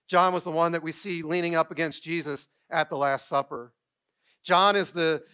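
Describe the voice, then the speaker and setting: Middle-aged male pastor, somewhat high voice, animated storytelling sermon delivered from the stage. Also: smooth. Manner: storytelling, animated, acts out quotes and asks the congregation questions. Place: church stage.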